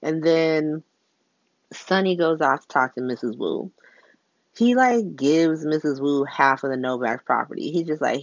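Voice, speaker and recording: A woman's voice: sits low, animated, measured pace, dry recording, highs cut off. A woman recapping soap episodes in a sassy, profane, casual style, laughing often. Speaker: soap opera recap host.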